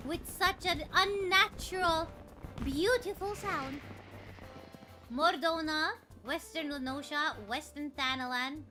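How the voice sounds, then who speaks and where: A woman with an extremely high, lively, bright and cutesy voice, chatting slowly and playfully on a gaming stream. She gets excitable and playful, and faint music plays behind her. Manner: excitable, squeals and bursts of loud shouting; playful, puts on mock-dramatic lines.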